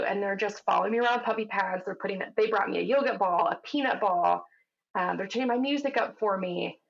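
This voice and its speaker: Woman podcast guest, animated storyteller who acts out the people she quotes, on a dull lo-fi line. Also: mid-range voice, a little fast, vocal fry. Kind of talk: telling a personal story in casual chat.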